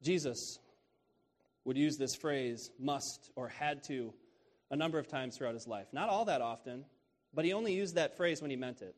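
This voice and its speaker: A man preaching a sermon on scripture in a casual, conversational way, repeating key phrases and often asking "right?". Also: medium pitch.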